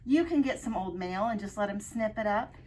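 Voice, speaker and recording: A woman working as a kindergarten assistant, giving parents practical, warm advice. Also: mid-range voice, expressive, a little fast, slight background noise. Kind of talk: informational talk to parents.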